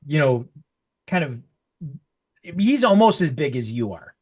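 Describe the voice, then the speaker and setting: A man's voice: fairly high pitch, sing-song, measured pace, a little mellow. A man narrating as game master of a tabletop game, describing scenes loosely with lots of fillers.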